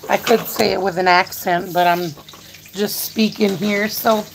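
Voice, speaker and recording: Slow, chatty woman live-streaming a haul. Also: mid-range voice, steady tone, gravelly, background noise. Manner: chatty, rambling, talks to viewers and her dog. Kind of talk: casual live grocery haul chat.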